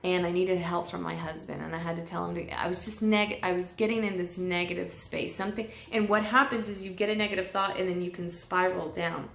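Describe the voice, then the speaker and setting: A woman's voice: on the low side, flat delivery, a little fast, creaky, few pauses, a bit bright, slight background noise. A woman talking casually and candidly in a personal vlog, getting emotional and swearing freely. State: tearful at times. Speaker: vlogger. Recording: echoey room.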